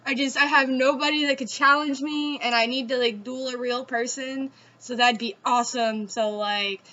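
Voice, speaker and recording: A woman's voice: sits high, fairly even intonation, normal speed, bright, forceful tone. A woman from the Southeastern United States with a Southern accent, hosting a casual, chatty talk with laughs and free swearing. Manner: chatty, giggly, swears freely. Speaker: host. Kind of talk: casual chat. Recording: dull lo-fi sound.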